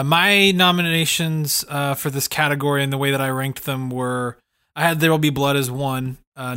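A man's voice: mid-range voice, bright, forceful tone, clean tone, no echo, clean studio sound. A man co-hosting a podcast, chatting and joking about films. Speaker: podcast co-host. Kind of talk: casual film discussion.

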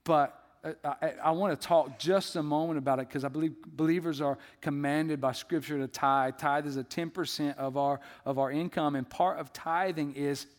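A man preaching a sermon as the pastor, in a conversational, animated storytelling way. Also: a little high, normal speed, few pauses, in a large hall.

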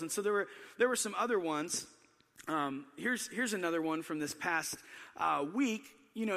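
A man in his thirties preaching a sermon, telling self-deprecating family stories in an animated way. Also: fairly high pitch, in a large hall. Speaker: pastor.

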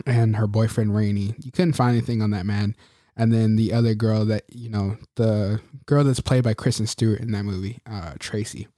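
A man's voice: lowish voice, steady tone, moderate pace, dark tone, dry recording, clean studio sound. A man co-hosting a casual podcast chat, joking and acting out quotes in a raised voice. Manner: jokey, acts out quotes in a raised voice. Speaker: podcast co-host.

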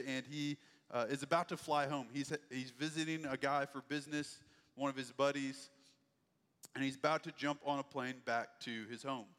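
A man's voice: mid-range voice, clear, resonant tone. Storytelling male preacher in an echoey hall. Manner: animated storyteller acting out quoted voices. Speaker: pastor. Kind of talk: sermon storytelling. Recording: echoey hall with long reverb.

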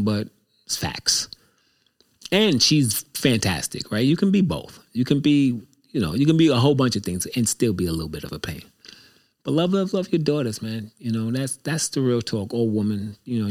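A man's voice: medium pitch, animated, normal speed. A man hosting his own show, talking in a casual, reflective monologue that rambles and repeats itself candidly. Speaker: show host.

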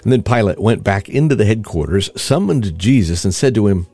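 A man giving an expressive, storytelling scripture reading as the show's reader. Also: fairly low pitch, a little fast, breathy edge, faint music behind.

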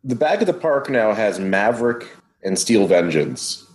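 A man with a fairly low voice hosts a laid-back podcast conversation. He talks at length in an easy, chatty way and turns to his guests with questions. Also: measured pace. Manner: relaxed, chatty, asks the others questions. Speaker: podcast host. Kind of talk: casual chat.

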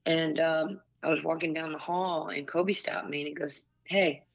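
A woman's voice: low-pitched, normal speed, gravelly. Storytelling woman in her sixties, lo-fi. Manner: animated storyteller, many asides and restarts. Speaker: former pro basketball player and broadcaster, guest. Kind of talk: candid storytelling conversation.

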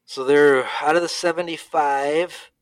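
In a smooth, somewhat high voice at a measured pace, a podcast co-host recaps a race in casual chat. He laughs frequently as he tells animated stories, voicing both sides of each exchange, on a dry recording.

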